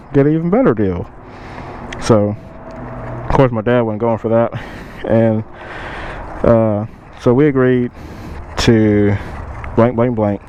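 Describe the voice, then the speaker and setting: A young man tells a storytime in a casual, animated way. His voice sits at a middle pitch. He jumps higher when he quotes others, and faint vehicle noise sits in the background. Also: highs cut off. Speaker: motovlogger.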